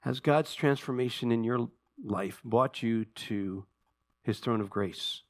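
A man preaching a sermon in a church. He speaks earnestly, builds to impassioned emphasis, then drops to a quiet, prayerful voice. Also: medium pitch, slow. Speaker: pastor. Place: church sanctuary.

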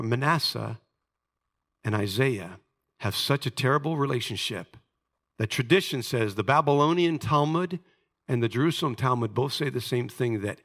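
A male preacher telling a Bible story in a sermon, dramatic, swinging between loud emphasis and hushed asides. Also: medium pitch, vocal fry.

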